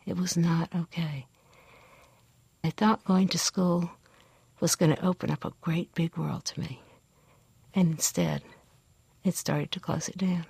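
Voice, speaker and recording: An older woman from the American South, telling a personal story in a reflective, unhurried way. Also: low voice, a little mellow, husky, dry recording.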